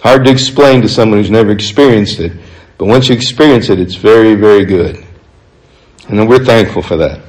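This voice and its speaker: A man preaching a sermon, reading scripture passages aloud and explaining them in an earnest, conversational way, slowing down to stress key points. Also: lowish voice, darkish tone, rough recording. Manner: earnest, conversational, slows for emphasis.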